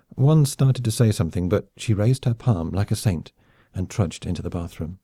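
A man narrating an audiobook in a brisk, wry storytelling manner. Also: lowish voice, animated, mellow, husky, no echo, clean studio sound. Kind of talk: scripted narration.

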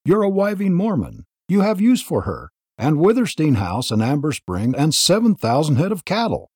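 A man's voice: on the high side, wildly swooping pitch, normal speed, a little mellow, breathy edge, dry recording, studio quality, pitched above the performer's own voice, heavily acted. A man doing a defiant scornful young rider. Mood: taunting. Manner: passionate, taunting, disdainful. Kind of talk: audiobook reading.

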